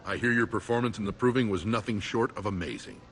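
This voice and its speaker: A man's voice: fairly low pitch, fast, a bit bright, natural voice. An actor playing a formal, courteous male dwarf aide to a lord in a video game.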